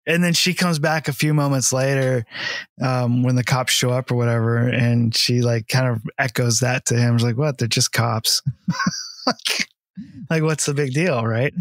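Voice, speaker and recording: A man in a relaxed film discussion, wandering through his stories with constant fillers and bursts of laughter. His voice sits at an ordinary middle pitch and sounds close and dry, with no room around it. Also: normal speed, no room sound. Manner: rambling, laughs often, many fillers and swearing. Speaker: podcast co-host. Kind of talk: casual film review chat.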